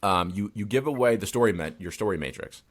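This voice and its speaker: A man's voice: on the low side, lively intonation, quick pace. A man hosting a podcast interview, talking in a loose, chatty way and swearing casually. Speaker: podcast host.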